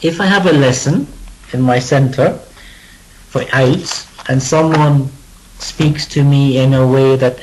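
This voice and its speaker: A man's voice: medium pitch, measured pace, a little hiss or hum, rough recording. A man with a British accent teaching a pronunciation lesson, modeling words for students to repeat and adding chatty, joking asides. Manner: demonstrative, leads students through word repetition. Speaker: English teacher.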